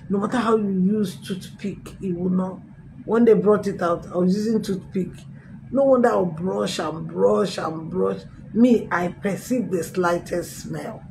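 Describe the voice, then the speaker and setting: A middle-aged woman pastor, telling her testimony in a sermon with emphatic, animated storytelling. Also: medium pitch, gravelly, a little hiss or hum, poor audio. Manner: storytelling with acted quotes, emphatic swings. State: recovering from a tooth extraction.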